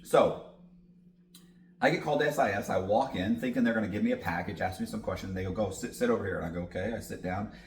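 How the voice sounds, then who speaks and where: A man's voice: lowish voice, fast talker, reverberant, a little hiss or hum. A man guest in an interview, telling a long story with lots of cursing and acted-out dialogue. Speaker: podcast guest.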